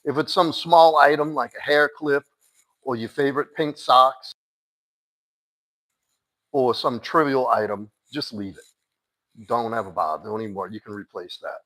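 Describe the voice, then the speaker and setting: A man's voice: medium pitch, measured pace, long pauses, fairly bright tone, rough recording. A man giving blunt dating advice on a live stream, talking straight to one listener and cursing casually. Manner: blunt, direct, curses casually; addresses a listener by name, firm and insistent. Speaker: dating coach.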